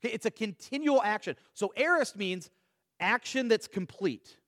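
A man's voice: sits high, animated, a bit bright, no room sound, clean studio sound. A man teaching a Bible study in a conversational way, asking rhetorical questions, giving everyday examples and often restarting his words. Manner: frequent quick restarts and repeated words.

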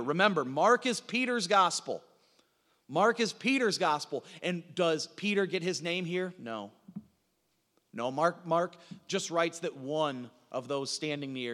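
A man preaching a sermon as a pastor, swinging from emphatic lines to low, hushed ones. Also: long reverb tail.

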